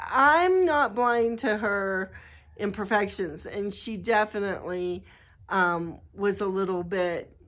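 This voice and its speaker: An American woman in middle age talks casually into the camera for a vlog. She rambles and restarts, breaks off to coo at her dog, and then comes back to her list. Her voice sits at an ordinary, medium pitch. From United States. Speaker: vlogger.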